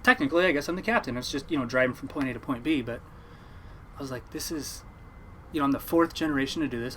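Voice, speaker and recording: A young fishing boat captain from Oregon, in the United States, speaks in a mid-range voice with a little hiss or hum. In casual chat he tells a rambling, animated story, acting out what other people said.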